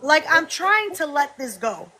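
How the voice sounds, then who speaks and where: A woman hosting a livestream, talking in a heated, animated way to her viewers and swearing freely. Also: high-pitched, a little slow. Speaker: livestream host. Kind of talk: heated casual livestream talk.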